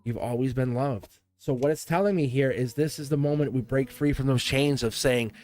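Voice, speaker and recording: A man doing a live tarot reading for his viewers. His voice sits at an ordinary middle pitch, and he is gushing and reassuring, often laughing and saying the same line twice. Faint music plays underneath. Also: a little fast, a little mellow. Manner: effusive and encouraging, laughs often, repeats phrases.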